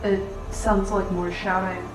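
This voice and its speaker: A woman's voice: medium pitch, level tone, measured pace. A woman on a paranormal investigation, hesitantly reporting what she sees while scrying. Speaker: investigation partner doing scrying. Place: old school building, indoors. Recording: distant voice in an echoey room with music. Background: music.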